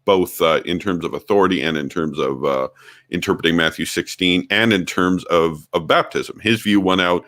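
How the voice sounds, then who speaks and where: Man, guest, low voice, loose chatty delivery, mocking asides. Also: moderate pace, a bit bright. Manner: mocking paraphrases, laughs, loose filler-heavy talk. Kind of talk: casual apologetics discussion.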